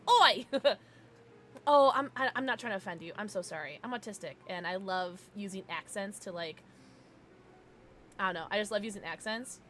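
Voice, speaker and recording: A young woman chats her way through a game on stream. Her voice is bright and clear, full of giggles. She rambles to her viewers and tries on silly accents for fun. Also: mid-range voice, slight background noise. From Southern US. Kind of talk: live gameplay commentary.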